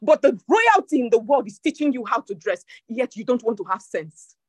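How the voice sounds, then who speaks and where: A woman preacher delivering an impassioned sermon, repeating lines for emphasis and dropping into low, slow prayer. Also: sing-song, a little mellow, dry recording. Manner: speaks in tongues during prayer.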